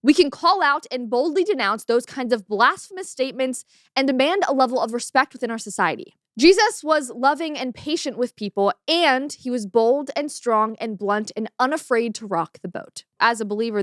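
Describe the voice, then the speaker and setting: A woman's voice: fairly high pitch, lively intonation, moderate pace, fairly bright tone, dry recording, clean studio sound. A woman hosting a commentary show, speaking in an earnest, opinionated way about faith. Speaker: host.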